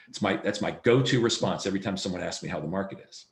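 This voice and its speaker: A man's voice: low-pitched, quick pace, vocal fry, hardly any pauses. A man giving a real estate sales training over a video call, acting out dialogue in his stories. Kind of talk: training presentation. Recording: roomy echo.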